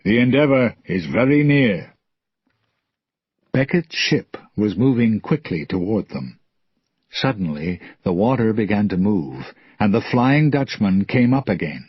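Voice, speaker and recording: Slow husky guy reading a story for english learners, dry muffled recording. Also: lowish voice, sing-song, dry recording. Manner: clear, deliberate. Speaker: narrator. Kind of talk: slow graded-reader story narration.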